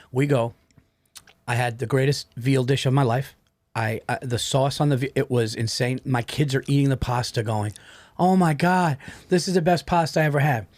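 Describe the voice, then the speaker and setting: Casual male podcast host, animated storyteller, mid-pitch voice, dry studio sound. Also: no room sound. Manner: excitable, swears, says "dude" often.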